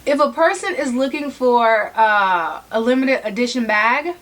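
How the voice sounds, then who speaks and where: A woman's voice: a little high, lively intonation, a little slow, a bit bright. A woman vlogger giving casual advice to camera, chatty and prone to tangents, repeating points for emphasis and addressing her viewers directly.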